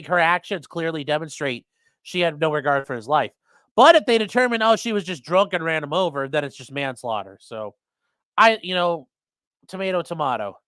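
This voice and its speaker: Lively, profane live-stream host. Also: medium pitch, dry recording, studio quality. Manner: animated, profane, rambling, talks to chat and dog. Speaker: live-stream host reading viewer chat. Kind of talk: casual live-stream commentary. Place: at home indoors.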